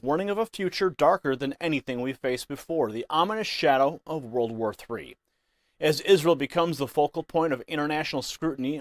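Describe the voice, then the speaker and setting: A man's voice: a little high, dry recording, clean studio sound. A man presenting scripted news commentary with a dramatic, emphatic delivery.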